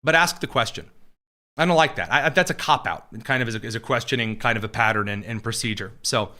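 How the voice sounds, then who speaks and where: A man with a mid-range voice talks fast in a bright, forceful tone while hosting a political show. Answering viewers on a casual livestream, he's blunt and opinionated, wandering off topic and frequently starting over.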